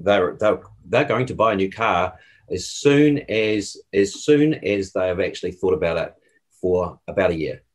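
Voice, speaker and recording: A man speaking as a podcast guest, explaining personality types in a measured, conversational way. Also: deep voice, breathy edge. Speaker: guest, personality profiling expert. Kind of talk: casual explanation.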